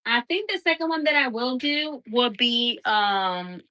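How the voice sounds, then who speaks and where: A woman's voice: a little high, measured pace, sharp tone. A woman hosting a casual live stream, chatting and rambling through stories as she shows her gear.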